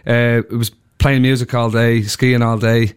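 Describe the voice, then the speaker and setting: An Irish man, a touring musician, chatting in a relaxed, friendly way with many fillers in a radio studio interview. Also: mid-range voice, unhurried, clean tone. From Ireland. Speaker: musician guest. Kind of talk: casual interview chat.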